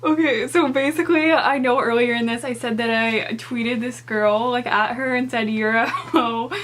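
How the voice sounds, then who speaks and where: Young woman, casual vlog talk, giggles a lot, slightly high-pitched. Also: steady tone, normal speed, a bit bright, slight background noise. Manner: giggly, reading out tweets between bursts of laughter. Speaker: YouTuber.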